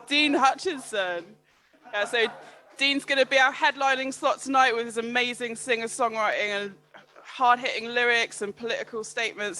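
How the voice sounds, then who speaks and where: A man hosting a live performance event, introducing the headline act in a chatty, enthusiastic way while fumbling with the microphone. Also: very high-pitched. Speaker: event host. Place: live performance venue, indoors. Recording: loud crowd noise.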